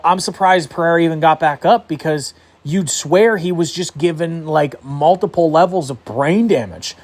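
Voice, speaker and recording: Heated, profane young man ranting. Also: on the high side. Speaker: MMA commentator vlogger. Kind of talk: casual event recap.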